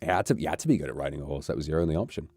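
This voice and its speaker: A man's voice: a bass voice, animated, very fast, darkish tone, dry recording, studio quality. A British man chatting casually on a livestream, rambling and amused, with offhand swearing. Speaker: streamer.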